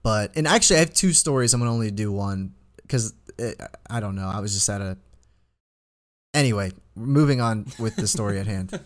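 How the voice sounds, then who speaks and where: A man's voice: on the low side, a little fast. Rambling young man telling a story. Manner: rambling, animated storytelling with many fillers. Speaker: podcast co-host. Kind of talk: casual storytelling chat.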